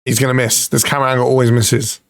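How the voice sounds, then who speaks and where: A man commentating his own football management game, excitable and pleading at the screen, swearing now and then. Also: medium pitch, fast. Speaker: gaming YouTuber.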